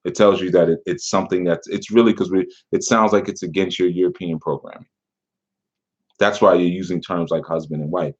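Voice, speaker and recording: In a dull, lo-fi recording, a man reads out and mocks a critic's comment while teaching on spiritual matters, replying with scorn and sarcasm. His low-pitched voice is brisk with fairly even intonation.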